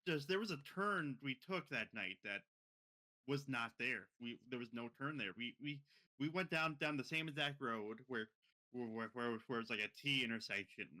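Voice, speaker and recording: A man's voice: medium pitch, moderate pace, pushed and bright, poor audio. A man co-hosting a podcast, recalling events in casual chat, often stammering and repeating words. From a reservation community. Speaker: podcast co-host.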